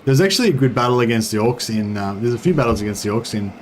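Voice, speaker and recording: A man's voice: medium pitch, lively intonation, racing. Guy chatting thru a strategy game, laid back, kinda rambly, bit of hum behind. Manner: casual, rambling, thinking aloud. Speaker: gaming channel host. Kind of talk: let's play commentary.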